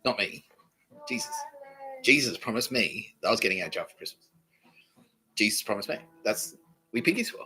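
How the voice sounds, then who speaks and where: Rambling man, bright tone. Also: fairly low pitch, huge pitch swings, brisk, pauses often, poor audio. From Australia. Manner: swings from mutters to loud outbursts, laughs through lines. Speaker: podcast host. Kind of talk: rambling profane monologue.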